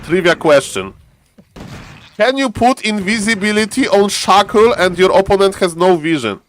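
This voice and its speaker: Playful male esports caster, slightly high voice. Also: normal speed. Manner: playful, acts out players' thoughts in banter. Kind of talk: live game commentary.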